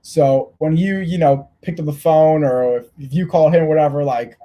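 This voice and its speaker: A man's voice: a little high, normal speed, warm tone. A man interviewing a young player, rambling with lots of restarts. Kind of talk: casual interview.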